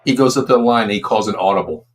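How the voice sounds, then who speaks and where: A man's voice: on the low side, very fast, a little hiss or hum. Emphatic rambling man in his fifties. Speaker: co-host and former football coach. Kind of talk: casual sports talk show chat.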